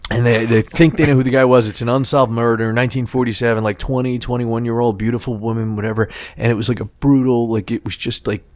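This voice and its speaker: A man's voice: mid-range voice, flat delivery, fast talker, few pauses, darkish tone, dry recording. A middle-aged man telling a long, rambling story in casual chat, swearing and restarting often as a podcast co-host.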